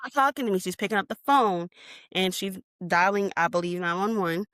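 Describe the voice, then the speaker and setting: A woman's voice: mid-range voice, brisk, no echo. Woman telling a painful memory, dry close mic. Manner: emotional retelling, reenacting her own shouts. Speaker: podcast guest. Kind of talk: personal storytelling interview.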